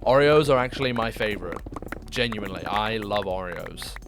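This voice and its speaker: A young British man chatting casually with viewers during a live game stream, laughing often and jumping to high-pitched disbelief. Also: expressive, moderate pace, noisy background. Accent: British English. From United Kingdom. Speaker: livestreamer.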